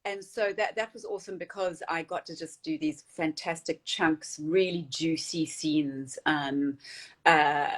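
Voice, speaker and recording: A woman guest in a casual interview, talking about writing and acting in a rambling, animated way with many restarts. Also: low-pitched, unhurried. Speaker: actor and screenwriter, interview guest.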